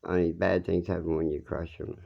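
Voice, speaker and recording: A man rambles through jokey stories, one tangent after another. His very low voice has a gravelly, creaky edge. The recording is dull and muffled, like an old lo-fi tape. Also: flat delivery, a little fast. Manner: meandering, jokey, drifts between tales. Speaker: monologue speaker. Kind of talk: rambling storytelling.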